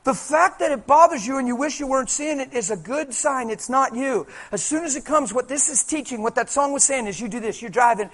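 A man preaching a sermon in an animated, conversational, colloquial way. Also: very high voice, a little fast, few pauses.

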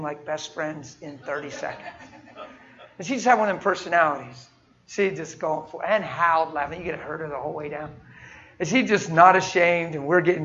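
A man preaching a sermon and telling personal stories, speaking emphatically and swinging from soft, quiet moments to loud, forceful passages. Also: a little high, dull audio.

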